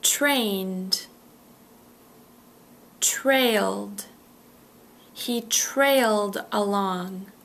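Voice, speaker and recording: A pronunciation teacher runs a slow, deliberate drill, saying each word clearly and carefully and then repeating it. Her medium-pitched voice is a bit bright, with a gravelly edge underneath.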